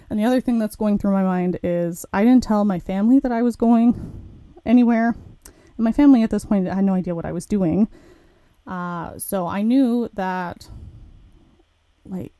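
A woman's voice: mid-range voice, no echo. A young woman podcast host telling a personal story in a candid, chatty way, acting out her own quoted thoughts. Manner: candid, chatty, animated retelling with quoted asides. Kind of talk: casual storytelling.

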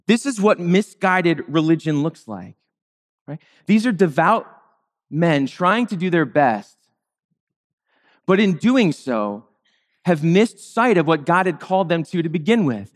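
A man's voice: a little high, very animated, unhurried, long pauses. A man preaching a sermon in a conversational, wry way, sometimes acting out the people in the story in playful voices. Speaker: pastor.

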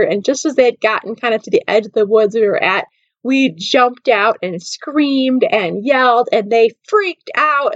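A woman's voice: fairly high pitch, no room sound, muffled recording. A woman hosting her own show, telling a personal story in a casual, chatty way with plenty of "like" fillers. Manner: casual, lots of "like" fillers, laughs while telling. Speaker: podcast host.

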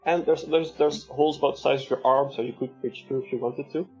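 A man narrating as the game master of a tabletop game, describing scenes in a halting way with many fillers. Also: mid-range voice, fairly even intonation, darkish tone. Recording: dull lo-fi sound with faint music.

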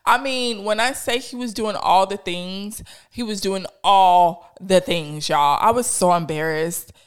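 A woman podcast host, telling stories in slangy, animated casual chat. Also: mid-range voice, measured pace, clear, resonant tone. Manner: animated storyteller, slangy, laughs.

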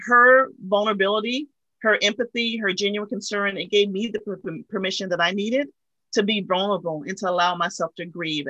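A woman guest speaks with a bright, clear tone, recorded close and dry. She tells a personal story in an earnest, heartfelt way, as a guest on a talk show. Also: mid-range voice, no room sound, poor audio.

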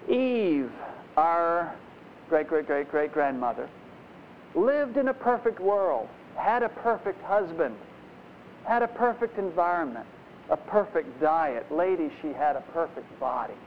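A man preaching a conversational, animated sermon, acting out the voices in his stories, in a dull lo-fi recording. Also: a little high, measured pace. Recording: dull lo-fi recording, faint noise.

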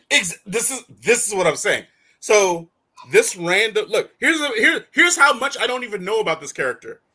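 Man, bright, forceful tone, lively pitch, rambling, restarts a lot, casual co-host chat. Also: moderate pace, slightly rough. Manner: animated, rambling with restarts, laughs often. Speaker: co-host of a call-in fan show.

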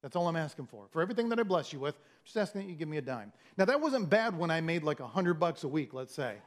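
Man, pastor, sermon, slightly high voice, conversational, storytelling, restarts words. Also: sing-song, quick pace. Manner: conversational, storytelling with acted-out quotes.

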